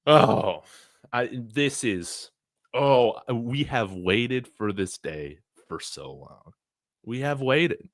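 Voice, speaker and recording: A man hosting a college football fan livestream, talking in an excited, brash, trash-talking way. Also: mid-range voice, drawn-out words, no room sound, studio quality.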